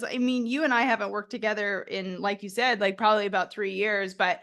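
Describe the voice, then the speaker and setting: A woman hosting a podcast as a coach, chatting casually in an animated way, laughing and swearing freely. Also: medium pitch, fairly quick, few pauses. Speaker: host and coach.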